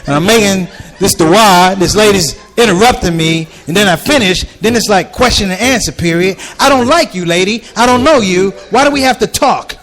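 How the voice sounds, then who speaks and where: A man's voice: high-pitched, moderate pace, few pauses, a bit bright. A man performing a stand-up comedy routine on stage, telling stories animatedly and acting out the voices of the people in them. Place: ballroom stage before a live audience.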